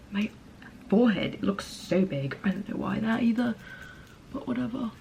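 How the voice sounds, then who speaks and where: A woman's voice: fairly high pitch, moderate pace, creaky, background noise. A young American woman chatting through a makeup tutorial on her home camera, rambling and laughing at herself, full of "like". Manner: rambling, giggly, self-mocking, lots of "like". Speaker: beauty vlogger. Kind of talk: casual makeup tutorial chat.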